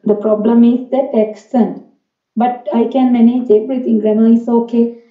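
A woman's voice: on the high side, flat delivery, moderate pace. A woman learning English, speaking hesitantly on a casual practice call, with many fillers and restarts. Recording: tinny phone line, echoey room, far from the mic.

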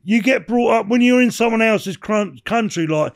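High gravelly-voiced older man. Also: lively intonation, moderate pace. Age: 60s. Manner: rambling, swearing, peppered with "you know what I mean". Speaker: podcast guest, former bare-knuckle boxer. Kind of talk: casual interview storytelling.

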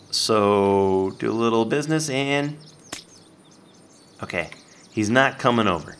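A man giving playful, animated let's-play commentary, talking to the game and his viewers and jumping up to excited yelps. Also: unhurried, pauses often, slight background noise. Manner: jumps to high excited yelps. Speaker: gaming YouTuber.

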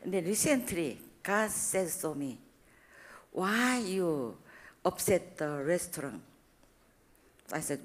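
A middle-aged woman with a Korean accent gives a church testimony in English, which is not her first language. Her voice sits a little low, and her halting phrases and many restarts turn animated and expressive when she stresses a point. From South Korea. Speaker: university president giving a testimony.

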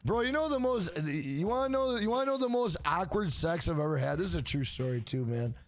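High, lively-voiced man telling crude stories. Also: a little fast. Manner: crude, rambling storytelling full of profanity; talks back to chat viewers by name. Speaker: live streamer. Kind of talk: casual chat while gaming on a live stream.

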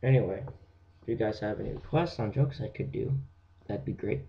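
A teenage boy rambling through a jokey comic rant, dropping into hushed whispered asides. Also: fairly low pitch, brisk, creaky, muffled recording. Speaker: vlogger.

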